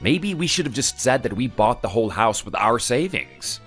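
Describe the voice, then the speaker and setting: A man voicing a reasonable young husband explaining things calmly. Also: mid-range voice, moderate pace, faint music behind. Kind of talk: texting-story voice acting.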